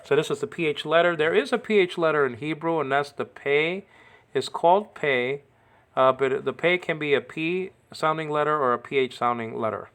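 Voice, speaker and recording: A man's voice: a little high, moderate pace, a bit bright, smooth. A man giving an informal language lesson, repeating words to correct pronunciation and often checking understanding with "okay". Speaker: teacher.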